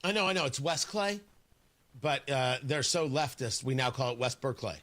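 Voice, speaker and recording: A man's voice: medium pitch, moderate pace, a bit bright. A male radio talk show host delivering a combative, sarcastic opinion monologue.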